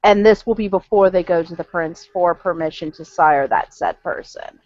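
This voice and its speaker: A scheming vampire clan leader, voiced by a woman, coolly condescending and calling others dear. The voice sits low and sounds dry, as over a dull lo-fi voice chat. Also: normal speed, a little mellow, no room sound, close to an everyday voice. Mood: businesslike. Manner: cool, condescending, calls people dear.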